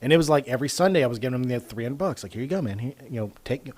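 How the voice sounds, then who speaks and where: A man's voice: mid-range voice, rapid-fire. A man hosting a casual podcast chat, telling stories animatedly with lots of swearing and acting out what people said. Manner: animated, profane, acts out quoted lines. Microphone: studio microphone.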